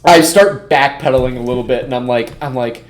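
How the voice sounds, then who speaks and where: Over a loud crowd, a male podcast co-host with a mid-range voice talks fairly quickly, rambling through a story among friends. His casual telling is packed with "like" and frequent swearing.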